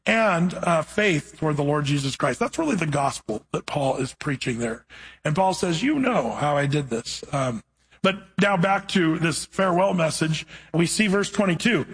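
A man preaching with an easygoing, conversational manner, slowing down to read scripture aloud. His voice sits high for a man and carries a husky, slightly breathy edge. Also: animated. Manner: casual storytelling preacher, reads scripture slowly. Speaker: pastor. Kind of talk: sermon.

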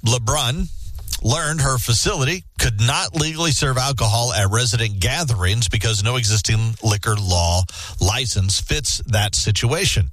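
A man's voice: mid-range voice, a bit bright, no echo. A man hosting a radio show, reading odd news stories aloud and chatting about them with small stumbles. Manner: reads stories, then banters with fillers. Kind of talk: casual radio news chat.

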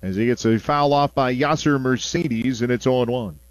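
A man calling a baseball game on the radio, mixing play-by-play with relaxed, chatty asides between pitches. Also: normal speed, no room sound. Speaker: play-by-play announcer.

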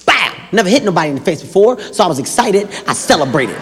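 High-pitched, animated stand-up comedian. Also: male voice, quick pace, a little hiss or hum. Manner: animated, loud, acts out quotes in shouts. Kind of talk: stand-up storytelling. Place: live comedy stage before a large audience. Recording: reverberant large venue with crowd.

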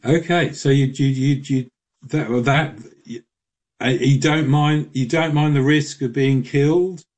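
A man answering callers as a radio guest, chatty, with lots of restarts and quick laughs. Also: medium pitch, fairly even intonation, a little mellow. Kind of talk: radio interview.

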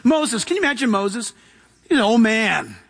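A male pastor delivering a sermon in a strikingly high, bright voice. He is emphatic and punchy, and keeps urging his listeners to "listen." He acts out short voices as he goes. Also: very animated, moderate pace, gravelly, slightly rough.

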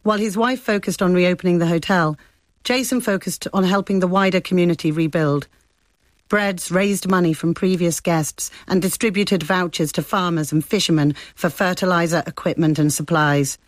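A woman correspondent reading a scripted radio report in a measured, descriptive way. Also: lowish voice, no room sound. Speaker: foreign correspondent.

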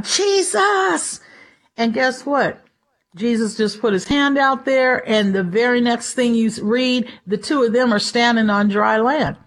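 A woman's voice: sits high, fairly bright tone. A woman preaching a conversational devotional sermon in a chatty way, often acting out the voices of people she quotes.

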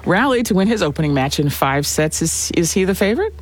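A woman's voice: lowish voice, sing-song, fast, a little hiss or hum. A woman hosting a morning radio news program, reading stories and interviewing a guest in a friendly conversational way. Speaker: morning news show host.

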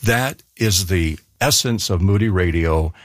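A man speaking earnestly about a radio ministry in an interview, with frequent pauses and fillers. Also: deep voice, no room sound, studio quality. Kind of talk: reflective interview answers.

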